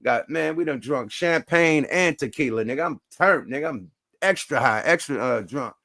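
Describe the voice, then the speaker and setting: A man telling a story in casual chat, animated and slangy, acting out both sides. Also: fairly high pitch, moderate pace, dry recording, clean studio sound. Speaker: host.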